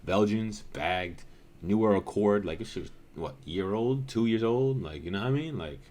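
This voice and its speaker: Speaking at normal speed in a fairly low, darkish voice, a man in his thirties who organizes car shows reacts to old footage in a casual outdoor vlog, cursing heavily as he flips from annoyance to excitement.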